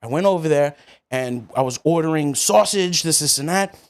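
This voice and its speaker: Expressive storyteller with loud laughs. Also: medium pitch. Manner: expressive, laughs loudly, quick agreeing interjections. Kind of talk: casual chat.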